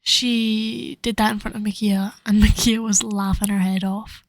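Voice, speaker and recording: A woman's voice: mid-range voice, steady tone, a little slow, no room sound, rough recording. A teenage girl co-hosting a casual chat, laughing as she tells stories in an easygoing way. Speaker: co-host.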